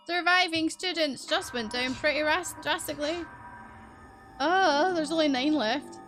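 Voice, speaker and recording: Woman streamer, high pitch, bright tone, excitable let's play chatter. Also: faint music behind. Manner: excitable, quick reactions, swears. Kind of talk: casual game let's play.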